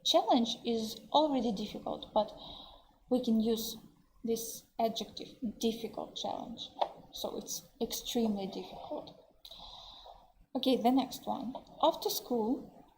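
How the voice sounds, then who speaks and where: A woman with a Russian accent teaching English vocabulary in an online webinar, explaining words slowly and translating them into Russian. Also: fairly high pitch, darkish tone, a little hiss or hum, low-quality recording. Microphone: computer mic on a webinar.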